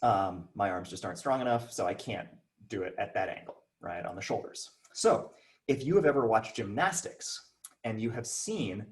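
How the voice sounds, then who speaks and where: A man's voice: on the low side, animated, normal speed, breathy edge. A man teaching a casual online physics lesson, chatty and demonstrating with his body as he explains. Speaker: high school physics teacher.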